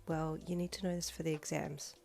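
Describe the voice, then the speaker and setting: A woman voicing a deadpan, quiet teenage girl classmate who speaks low and soft. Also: a little fast, creaky, faint music behind. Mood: dry.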